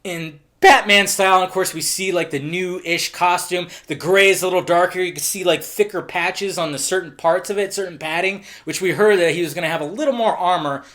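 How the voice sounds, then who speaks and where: Excitable high-voiced man reviewing films. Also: fairly quick, few pauses. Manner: excitable, swears freely, lively asides. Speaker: film trailer reviewer. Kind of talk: casual film review monologue.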